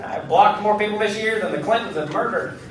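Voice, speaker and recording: On a club stage, a man performs stand-up with a brash, punchy delivery, putting on voices for the people he quotes. His high-pitched voice runs a little fast. The recording is roomy and distant, very noisy, with the crowd and audience laughter audible.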